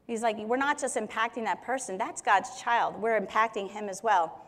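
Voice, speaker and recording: A woman's voice: on the high side, moderate pace. A woman teaching on Scripture in a conversational way, explaining verses with everyday examples. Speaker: Bible teacher. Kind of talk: Bible teaching talk.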